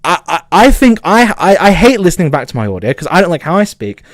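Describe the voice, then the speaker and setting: A man with a southern English accent rants on a livestream in a high voice that leaps all over the place. He stutters, swears, and works himself up, and his voice sounds dry and close to the mic. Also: fast, dry recording. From south of England. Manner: angry, swearing, excitable. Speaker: streamer. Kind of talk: casual livestream rant.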